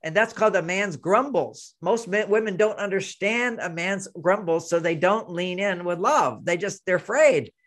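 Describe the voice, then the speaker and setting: Older man, interview guest, relationship expert, acts out dialogue, slightly high-pitched. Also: normal speed, hardly any pauses. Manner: animated anecdotes, acting out both sides of a dialogue. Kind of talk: conversational storytelling interview.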